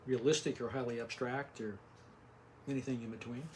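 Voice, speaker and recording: An older man, an artist, chatting softly in a small home studio, often trailing off and restarting his sentences. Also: medium pitch, fairly even intonation, fairly quick, a little hiss or hum. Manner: soft-spoken, trails off and restarts. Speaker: artist guest. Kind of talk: casual interview.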